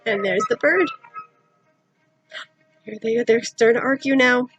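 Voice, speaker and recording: A woman narrating a story for children in a playful, animated way, coaxing her young listeners to join in. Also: a little high, a little slow, lo-fi sound, soft background music.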